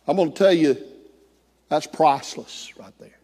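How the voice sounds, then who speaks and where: A man's voice: a little high, normal speed, pauses often, breathy edge, big-room sound. A man preaching a sermon, telling a story and acting out the voices of the people in it. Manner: animated, acts out quoted voices. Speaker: pastor.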